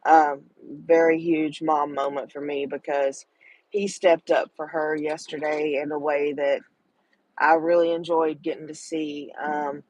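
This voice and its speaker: A woman's voice: low-pitched, flat delivery, measured pace, darkish tone, no room sound, low-quality recording. A middle-aged woman, talking to viewers in a casual livestream chat, tender and emotional. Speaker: livestream host.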